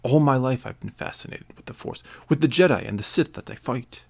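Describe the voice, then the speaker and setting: A man reading a cold, calm young man. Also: medium pitch, brisk, creaky.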